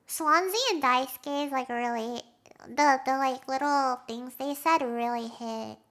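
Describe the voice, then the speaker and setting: A young woman streamer chatting casually with her live audience, giggly and quick to react emotionally. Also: high-pitched, fairly bright tone. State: has a headache.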